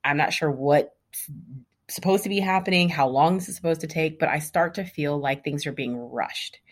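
A woman in her thirties candidly retelling a personal story in a lively, conversational way. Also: low-pitched.

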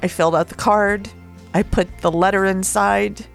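A woman's voice: mid-range voice, fairly even intonation, moderate pace, creaky, faint music behind. A woman podcast host telling a personal story in a candid, rambling, openly emotional way, swearing casually.

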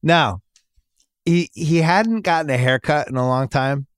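A man's voice: a little high, a little slow, clean tone, dry recording. Guy in his 40s or so rambling thru a funny story on a podcast, cracks himself up, dead dry studio sound. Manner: rambling anecdote, laughing at his own jokes. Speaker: podcast host. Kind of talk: casual storytelling chat.

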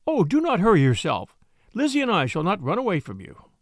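A man's voice: high voice, wildly swooping pitch, fairly quick, no echo, studio quality, full character voice. A man voicing a lighthearted young noblewoman in a storybook reading. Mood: cheerful.

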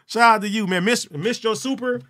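A man hosting a solo livestream, talking loud and profane with frequent laughter. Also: high voice, brisk. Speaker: livestream host. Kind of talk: casual solo livestream chat.

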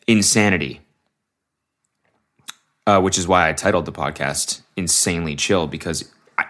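A man's voice: sits low, moderate pace, long pauses, a bit bright. A young man hosting his own podcast alone, rambling in a laid-back, self-mocking way into a mic while wearing headphones. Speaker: podcast host. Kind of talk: casual solo podcast chat. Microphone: headphones on, studio mic.

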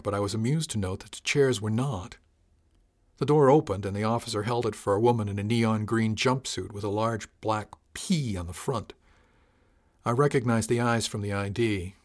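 A man narrating a science fiction audiobook in the first person, calm, measured and dry. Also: lowish voice.

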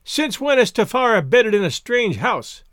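A man's voice: sits high, very animated, moderate pace, fairly bright tone, dry recording, clean studio sound, pitched above the performer's own voice. A man voicing an elderly mother returned from the sea, speaking in a weary, plaintive tone in a storybook reading. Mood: reproachful. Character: frightened old woman ghost-mother, plaintive.

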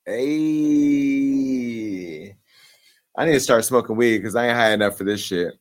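A man hosting a talk show in casual chat, joking and cursing through rapid banter. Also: on the low side, a bit bright.

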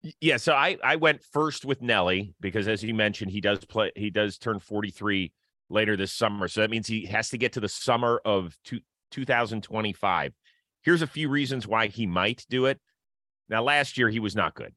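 A man's voice: lowish voice, moderate pace, bright, forceful tone, dry recording. A man hosting a sports podcast, talking casually and upbeat, often laughing as he chats. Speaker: podcast host.

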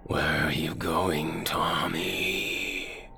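A man with a deep, gravelly voice voicing hungry shadow creatures that speak in a menacing whisper. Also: steady tone, extremely slow, sharp tone, faint music behind, full character voice. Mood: taunting.

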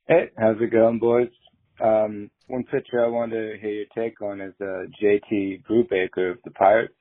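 A man calling in to a sports show with a question, steady and filled with "um"s. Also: on the low side, normal speed, no room sound. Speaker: caller. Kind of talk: phoned-in listener question. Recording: tinny phone line.

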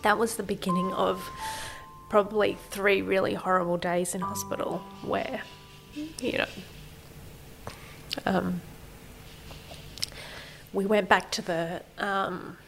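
A woman in her thirties telling a personal story candidly, often softening to a near whisper. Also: mid-range voice, rough recording.

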